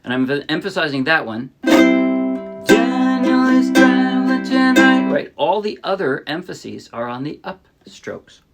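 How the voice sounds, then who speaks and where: A middle-aged man from the New Jersey area teaching ukulele in a relaxed way, often restarting his sentences and singing short demo lines. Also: fairly high pitch, normal speed, vocal fry, few pauses, over loud music. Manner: relaxed, explains with restarts and sung demos. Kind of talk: casual music tutorial. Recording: ukulele playing behind.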